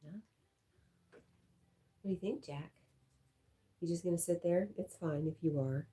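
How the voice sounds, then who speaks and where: A woman's voice: fairly low pitch, unhurried, dark tone, slightly rough. A woman hosting a casual livestream from home. She chats easily, talks to her dog and reads viewer comments aloud. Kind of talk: casual live-stream chat. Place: at home indoors.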